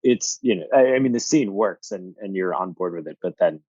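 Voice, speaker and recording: A man appearing as a podcast guest, chatting in a relaxed, thoughtful way with hesitations. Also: low voice, brisk, no room sound, dull audio. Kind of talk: casual chat.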